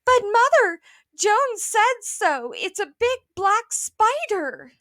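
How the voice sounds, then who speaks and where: Lady doing a squeaky little girl, shrill and whiny, way up high, storybook. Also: sing-song, slow, fairly bright tone, no echo, studio quality, full character voice. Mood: insistent. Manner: shrill, pleading.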